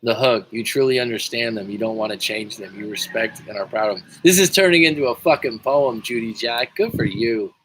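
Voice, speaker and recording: Male life coach, livestream host, mid-pitched voice, jokey, swears freely, loose rambling delivery. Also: fairly quick, few pauses, fairly bright tone, husky, poor audio. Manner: joking, profane, rambling with restarts. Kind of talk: casual livestream talk, reading viewer comments.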